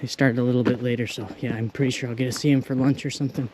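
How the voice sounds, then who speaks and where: A young man rambles cheerfully into a handheld camera while hiking a rural trail, a thru-hiker vlogger who's easily delighted. His mid-range voice is flat in delivery but races along, with background noise behind him.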